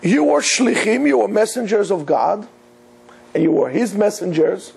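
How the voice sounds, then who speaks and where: A man's voice: sits high, moderate pace, creaky, darkish tone, breathy edge. A man, a rabbi, teaching an earnest, emphatic Torah lecture, weaving Hebrew terms into his English.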